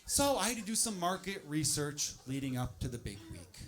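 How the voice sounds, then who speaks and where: A man performing a stand-up comedy set on stage, animated and swinging into loud exasperated bits. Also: fairly high pitch, normal speed, crowd noise. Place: comedy club stage with audience laughter. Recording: noisy live club recording.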